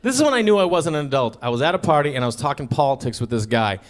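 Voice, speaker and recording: A man doing a stand-up comedy set on stage, acting out the people in his stories with sudden high, squeaky voices. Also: animated, racing. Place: theater stage before a live audience.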